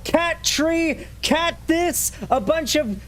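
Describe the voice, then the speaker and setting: A man doing an impression of a frantic young male streamer, rattling off a list faster and louder until he is yelling. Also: very high-pitched, expressive, slight background noise, pitched above the performer's own voice, full character voice. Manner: rising to yelling, fast list delivery.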